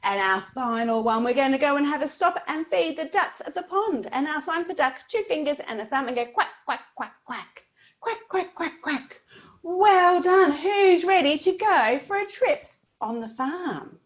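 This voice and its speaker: Lively high-voiced woman leading baby signing. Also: moderate pace, lo-fi sound. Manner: animated and sing-song, making animal noises. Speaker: baby signing class leader.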